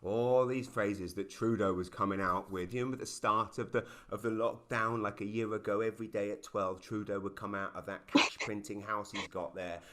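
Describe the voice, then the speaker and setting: A middle-aged British man doing a stand-up routine over a video call, telling stories with quick asides and punchy lines. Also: lowish voice, a little hiss or hum. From Britain. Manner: animated storytelling with quick asides and sudden loud punchlines. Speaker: stand-up comedian. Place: home in a small town, performing over a video call.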